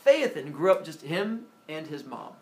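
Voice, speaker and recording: A man teaching a class, retelling a myth in a lively, joking way and putting questions to the students. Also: a little high, normal speed. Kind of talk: classroom storytelling lecture. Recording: roomy, distant classroom sound with faint noise.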